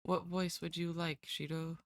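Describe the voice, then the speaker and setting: A woman's voice: lowish voice, level tone, measured pace, no echo. A woman streamer chatting casually with her viewers, rambling and giggling at herself. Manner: giggly, rambling, self-deprecating.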